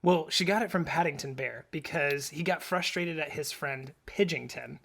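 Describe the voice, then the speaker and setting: A man's voice: on the high side, moderate pace, creaky, a bit bright. A man in his thirties co-hosting a podcast in casual chat, joking and teasing, chuckling often. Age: 30s. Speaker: podcast co-host. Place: home studio blanket fort.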